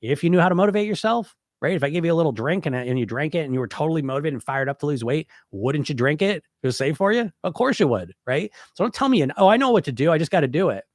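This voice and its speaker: A man's voice: a little high, lively intonation, fast, few pauses, no echo, clean studio sound. Blunt, stuffy-voiced man coach. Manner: blunt, rambling, lots of "you know" fillers. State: stuffy from a cold. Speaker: podcast host and hypnotist weight coach. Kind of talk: casual live-stream talk answering questions.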